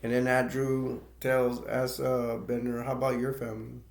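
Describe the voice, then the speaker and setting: A man's voice: mid-range voice, completely flat delivery, moderate pace, vocal fry. A man casually retelling a film's plot as a movie reviewer, rambling and laughing between points. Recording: echoey room.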